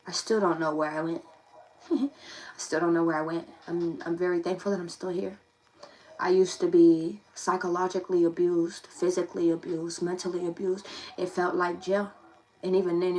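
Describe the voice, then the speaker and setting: A young woman with a lowish voice reads tarot to camera in a casual, confiding way. She is emphatic and tends to repeat herself, and the audio quality is poor.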